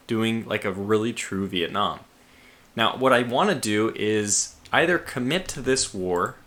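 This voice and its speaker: A man's voice: lowish voice, bright, forceful tone. A man casually commentating a strategy game he plays, thinking aloud with restarts and sleepy yawns. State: sleepy, yawning. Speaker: let's play host.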